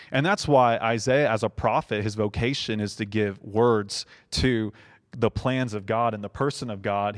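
A young man in a casual faith conversation, talking earnestly and building to emphatic passages. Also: mid-range voice.

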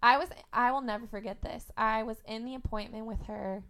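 A woman's voice: a little high, fairly even intonation, fairly quick, fairly bright tone, clear, resonant tone. A young woman from Indiana, a podcast guest, telling a personal story in a candid, emotional way and laughing through the hard parts. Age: young adult.

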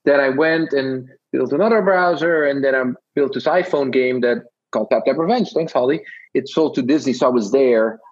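A man's voice: mid-range voice, normal speed, darkish tone, dull audio. A man from Belgium with a Dutch-tinged English accent, chatting as an interview guest and telling rambling stories with acted-out quotes. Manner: rambling, storytelling, acts out quotes. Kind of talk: casual chat.

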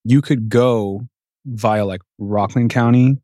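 A band member from New Jersey chatting loosely as a podcast guest, with lots of "like" and trailing phrases. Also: male voice, medium pitch, fairly even intonation, dark tone, no echo, clean studio sound. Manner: loose, halting, full of "like".

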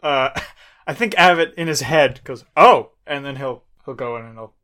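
A player in a tabletop role-playing game, speaking casually in laid-back, low-key replies. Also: moderate pace, fairly bright tone. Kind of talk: casual role-play chat.

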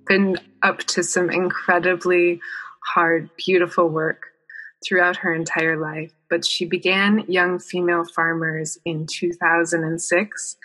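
A woman hosting a podcast interview, her voice sitting a little low. She talks in an effusive, gushing way, full of praise and soft asides. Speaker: podcast host.

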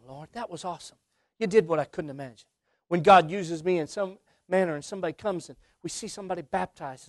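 A man preaching a sermon, fervent, repeating his words, his voice swinging between loud bursts and near-hushed lines. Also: high voice, no echo, studio quality. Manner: fervent, repeats words, voice rises and drops sharply.

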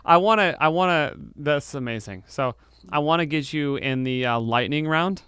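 Host, male, young adult: smooth, dry-sounding voice, loose filler-heavy chat with a teasing streak. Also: fairly high pitch, normal speed, a bit bright, dry recording. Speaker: podcast host. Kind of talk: casual conversational interview.

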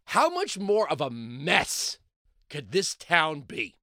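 A man hosting a talk radio show, delivering a sarcastic, mocking monologue that swings between loud outbursts and low mutters. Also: wildly swooping pitch, slow, no room sound, studio quality.

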